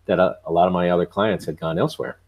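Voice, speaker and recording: A man guest on a photography podcast, telling lively anecdotes, quoting himself and swearing bluntly for effect. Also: low voice, fast. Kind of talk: podcast interview storytelling.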